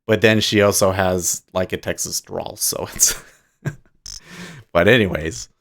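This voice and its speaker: A man with a fairly low voice hosts a livestream, talking casually. He rambles, restarts his sentences and laughs easily as he goes. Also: vocal fry, a bit bright. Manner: rambling, self-interrupting, quick to laugh. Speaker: livestream host.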